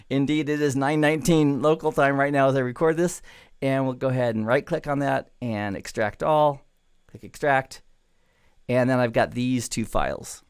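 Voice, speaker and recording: A middle-aged man giving a relaxed, chatty networking lesson over a screen recording, with playful digressions. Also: mid-range voice, clean tone. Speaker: network instructor. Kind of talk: screen-recorded tech tutorial.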